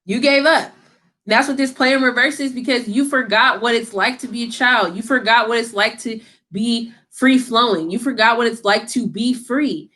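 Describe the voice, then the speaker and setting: A woman with a slightly high voice reads tarot straight to camera. She is blunt and scolding, drops slang and swears freely. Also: normal speed, pushed and bright. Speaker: tarot reader. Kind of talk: casual tarot reading to camera.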